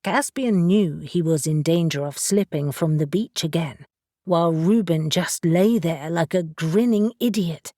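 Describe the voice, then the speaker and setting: A woman narrating an audiobook in a steady, deliberate reading voice. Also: on the low side, dry recording, studio quality. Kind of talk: scripted narration.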